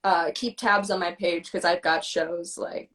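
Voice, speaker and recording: A woman around twenty, a singer-songwriter guest, singing her song with guitar and chatting softly. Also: on the low side, fairly even intonation, measured pace. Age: 20s. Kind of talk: singing an original song, then casual chat.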